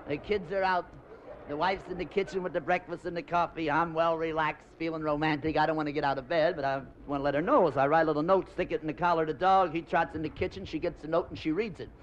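A man doing a stand-up comedy routine, rambling through bawdy jokes and quick voice changes. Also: on the high side, steady tone. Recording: dull lo-fi old comedy record with faint hiss.

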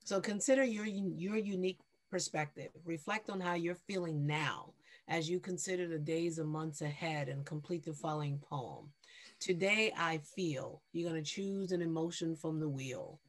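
A woman facilitating an online poetry workshop over a video call, affirming and conversational, quick to praise each reader. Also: low voice.

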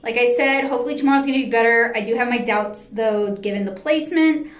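A woman comic artist talks fast in a fairly high voice, giving a candid, casual vlog recap from her table in the artist alley of an indoor anime convention. She's tired and chatty, dropping "um" often, while a faint crowd murmurs through the echoey hall.

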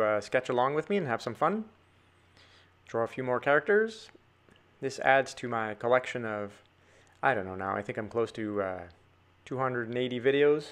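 A man's voice: mid-range voice, a bit bright. A man giving a chatty drawing tutorial, talking to viewers as he sketches. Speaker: drawing teacher.

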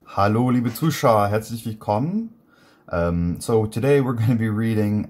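A man with a fairly low voice leads a relaxed reading lesson for learners. He talks in a chatty, easygoing way with plenty of fillers, and he is an English speaker who reads German aloud. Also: normal speed, faint music behind. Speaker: German language teacher. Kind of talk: casual guided reading lesson.

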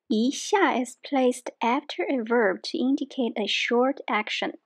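Woman as a video language teacher. Unhurried and methodical, with a raised pitch. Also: darkish tone. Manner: slow, careful explanations with example phrases.

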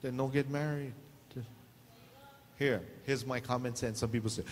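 Joking pastor in a reverberant hall. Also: male voice, a little high, little pitch movement, moderate pace. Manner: playful, laughing often, acts out quotes. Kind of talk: joking sermon. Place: church hall. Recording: long hall reverb, faint noise.

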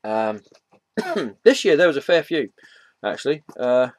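A man's voice: medium pitch, sing-song, unhurried, no echo. A man chatting casually at home about comics, rambling with many fillers, restarts and self-deprecating asides. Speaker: comic book vlogger. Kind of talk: casual vlog chat. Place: home room.

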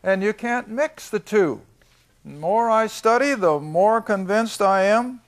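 An older man teaching a Bible lesson to a class. He reads verses slowly, asks questions and answers them himself, and stresses his points with emphasis. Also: sits high, animated. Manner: reads scripture slowly, then explains it.

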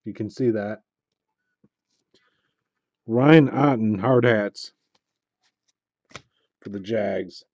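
A man runs a live card break, tearing open packs and announcing his pulls, alternating between quiet mumbled asides and excited shouts. The audio is muffled, with no echo.

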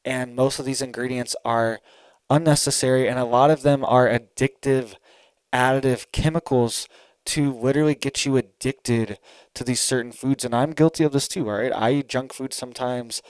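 A man's voice: mid-range voice, fairly even intonation, moderate pace, clean tone, no echo, low-quality recording. A man giving solo commentary to camera, urgent and emphatic, who keeps checking in with his listener. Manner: urgent, emphatic, keeps asking "all right?". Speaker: online commentator.

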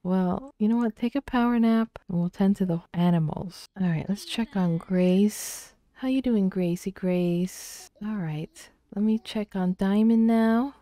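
Soft-spoken woman narrating a life sim. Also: mid-range voice, a little slow, few pauses, no echo. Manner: soft-spoken, often half-whispering. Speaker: let's play creator. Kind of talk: casual gameplay commentary.

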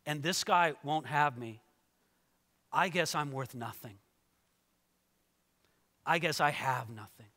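A man's voice: a little high, takes it slowly, pauses often, bright, forceful tone, in a large hall, voice pushed down. A preacher voicing a bitter, ashamed noblewoman. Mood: self-pitying. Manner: brooding inner monologue.

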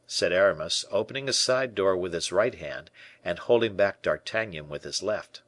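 Guy reading a classic novel aloud, expressive, low-ish, bouncy delivery, no room echo. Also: moderate pace. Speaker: audiobook narrator. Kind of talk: scripted narration.

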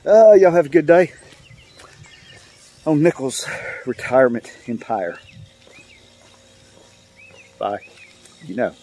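Fairly high-pitched yet dark in tone, this older man's voice is very animated. A channel host, he tells a joke in a loose, rambling, drawn-out way, full of fillers and repetition.

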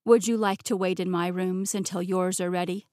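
A woman's voice: lowish voice, steady tone, moderate pace, dry recording, clean studio sound, close to an everyday voice. A woman voicing a playful young king. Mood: polite. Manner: easygoing, turns stern and loud when giving orders. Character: young male interim king, playful but commanding. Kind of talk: audiobook character voice. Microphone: close studio mic, dry.

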